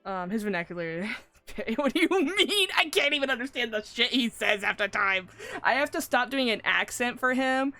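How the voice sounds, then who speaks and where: A woman with a slightly high, pushed and bright voice chats briskly and animatedly on stream about a game. Faint game music runs underneath her frequent swearing and laughing.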